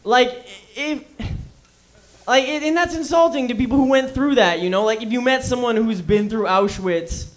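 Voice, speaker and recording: Man, stand-up comic, high voice, crude rambling delivery, club stage. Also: moderate pace. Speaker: stand-up comedian. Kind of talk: stand-up comedy set.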